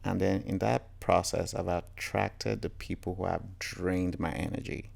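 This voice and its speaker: Deep gravelly man telling personal stories. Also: level tone, a little slow, darkish tone. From Nigeria. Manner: candid, earnest, quotes others in reported speech. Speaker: storyteller. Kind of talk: reflective personal storytelling.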